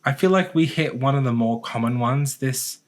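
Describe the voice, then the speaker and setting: A man's voice: mid-range voice, moderate pace. A young man co-hosting a podcast in a joking, rambling chat, with frequent "um"s. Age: young adult. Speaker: podcast co-host. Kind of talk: casual chat.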